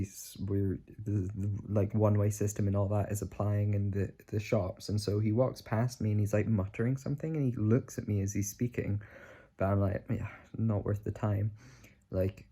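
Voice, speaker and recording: A man's voice: lowish voice, dark tone. A young man telling a story in a casual vlog, rambling with lots of fillers and acting out what others said. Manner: rambling, filler-heavy, acts out quoted voices. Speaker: vlogger.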